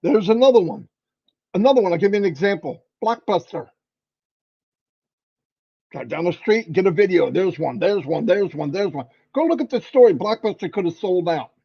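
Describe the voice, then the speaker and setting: Man, high voice, motivational host, animated, lo-fi muffled audio. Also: normal speed, creaky, breathy edge. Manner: animated, preachy, folksy pep talk. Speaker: livestream host. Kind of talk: motivational livestream talk.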